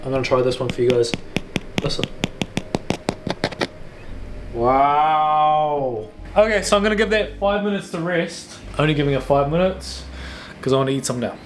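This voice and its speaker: His voice a little high, a male home cook chats through a casual baking video at an ordinary pace with frequent pauses. He keeps things loose and slangy, and the background is noisy.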